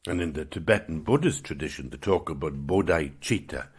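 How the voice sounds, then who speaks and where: Male podcast host, reflective spiritual talk, very low husky voice, gravelly edge. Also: animated. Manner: gentle, musing, unhurried.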